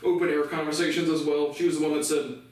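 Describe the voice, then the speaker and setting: A man's voice: on the high side, level tone, fast talker, darkish tone. Agitated man ranting, echoey and distant. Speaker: vlogger. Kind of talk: rambling solo monologue. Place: outdoor porch. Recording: echoey and distant with faint noise.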